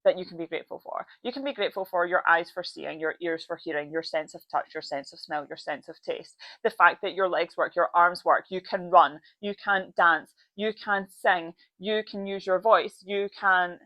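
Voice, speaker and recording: A woman's voice: fairly low pitch, fairly even intonation, moderate pace, hardly any pauses, fairly bright tone, no echo, poor audio. A woman in her thirties talks straight into a close microphone in a dry, dead room. She is blunt and swears freely, and she drives her points home by repeating short phrases. The delivery is a motivational solo podcast. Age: 30s. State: tearful, voice breaking with emotion. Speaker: podcast host.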